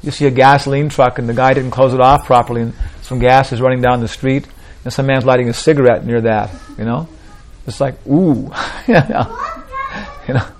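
A man's voice: medium pitch, flat delivery, fast talker. A man teaching a small group in an informal spiritual talk, rambling and repeating "like that, you know" often.

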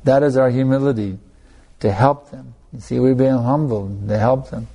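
A man preaching in a relaxed, conversational way, turning to his listeners again and again. His voice is mellow and dark with a gravelly fry running through it, and he restarts his sentences often as he tells his story. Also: medium pitch, normal speed. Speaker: spiritual teacher. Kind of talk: anecdotal sermon.

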